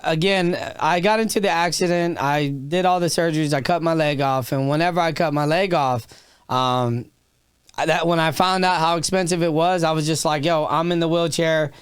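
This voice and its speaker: A man with a smooth, resonant voice pitched a little above the usual, recorded dry and close. He tells his story candidly and with feeling, swears freely, and often restarts his sentences. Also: moderate pace, dry recording. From Texas. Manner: raw and emotional, swears freely, frequent restarts. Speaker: podcast guest, comedian.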